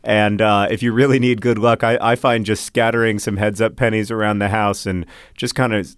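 A man's voice: lowish voice, little pitch movement, a little fast, clean tone, no echo. A middle-aged man co-hosting a podcast, chatting casually in a rambling, self-deprecating way and restarting his sentences. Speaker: podcast co-host. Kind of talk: casual chat.

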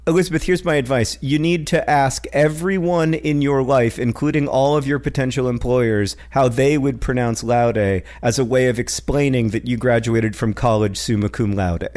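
A man's voice: medium pitch, moderate pace, hardly any pauses. A man co-hosting a podcast, chatting casually with his brother and reading listener questions in a wry, joking way. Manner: joking, wry, animated storytelling. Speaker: podcast co-host.

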